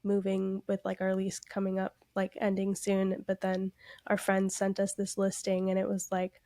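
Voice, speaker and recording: A woman's voice: mid-range voice, monotone, normal speed, warm tone, no room sound. A woman co-hosting a podcast in casual chat, congested, talking with lots of "like" fillers and frequent laughs. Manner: chatty, heavy use of "like" fillers, laughs often. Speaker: podcast co-host.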